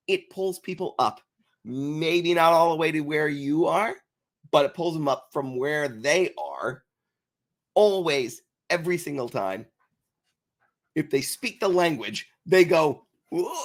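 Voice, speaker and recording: A man co-hosting a business podcast tells stories in casual chat. His voice sits a little high and swings widely in pitch as he acts out the people in his anecdotes. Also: expressive, measured pace, pauses often. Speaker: podcast co-host.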